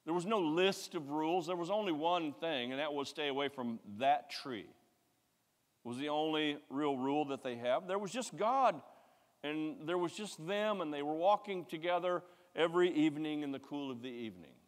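Preacher, emphatic sermon, higher voice, long hall echo, repetitive cadence. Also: male voice, normal speed. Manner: emphatic, repetitive, swings loud to hushed.

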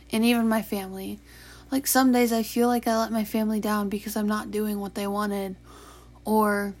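A tired young woman hosting a late-night confessional podcast, talking softly and haltingly, with sighs, yawns and whispered stretches. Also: medium pitch. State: sleepy. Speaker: podcast host.

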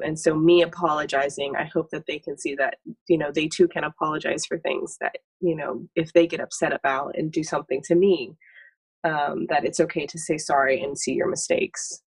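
Femme candide qui divague, voix lointaine. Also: female voice, low voice, steady tone, moderate pace, gravelly, dry recording, recorded from a distance, rough recording. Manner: candid, rambling, reflective. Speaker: parent in a discussion. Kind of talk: casual group conversation.

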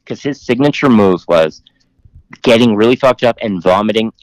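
Rambling, low-voiced man telling a story. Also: lively intonation, moderate pace, dry recording, low-quality recording. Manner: rambling, filler-heavy, laughs often, profane. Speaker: podcast guest. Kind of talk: casual storytelling.

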